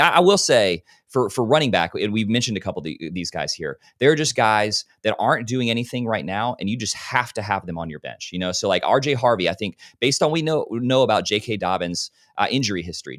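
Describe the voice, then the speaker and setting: A man's voice: on the low side, fairly bright tone, no room sound, clean studio sound. A man co-hosting a casual podcast, hesitant, repeating words and restarting his sentences as he thinks aloud. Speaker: podcast co-host.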